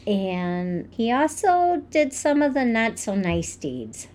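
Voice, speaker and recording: A woman co-hosting a podcast, telling stories in a relaxed way with fillers. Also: on the high side, takes it slowly. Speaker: podcast co-host. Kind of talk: casual storytelling chat.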